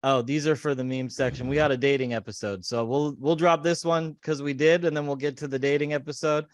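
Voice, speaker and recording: A man's voice: a little high, fairly even intonation, brisk, no room sound, studio quality. A man hosting a podcast, reading memes aloud in casual, mocking chat. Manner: sarcastic, mocking. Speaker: podcast host.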